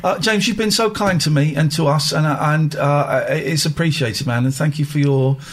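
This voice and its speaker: A man's voice: fairly high pitch, normal speed. A man hosting a casual chat, full of teasing, cheeky banter. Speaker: host.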